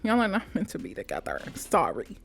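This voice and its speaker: A woman chatting casually as a vlogger, gushing about a film in slangy talk, switching between high mock voices and soft whispers. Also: wildly swooping pitch, brisk, gravelly. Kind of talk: casual chat.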